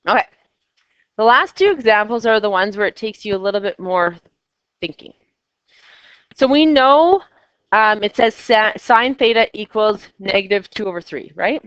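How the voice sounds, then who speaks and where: A woman's voice: mid-range voice, expressive, normal speed, long pauses, fairly bright tone, clean tone, no room sound, muffled recording. A woman teaching a math class, chatty and coaxing her students with questions. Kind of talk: classroom lecture.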